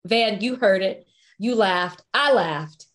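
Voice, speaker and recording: A woman's voice: medium pitch, slow pace. A woman co-hosting a podcast in casual chat, reading quotes aloud and laughing easily. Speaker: podcast co-host.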